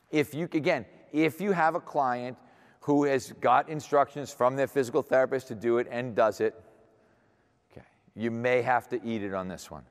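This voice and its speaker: A man in his sixties giving a seminar lecture as a strength coach, blunt and emphatic, asking rhetorical questions. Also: medium pitch. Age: 60s. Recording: echoey hall reverb.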